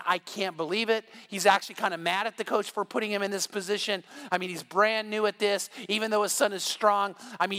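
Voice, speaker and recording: Bright high-voiced male pastor preaching. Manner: storytelling, building to shouts at the climax. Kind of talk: sermon.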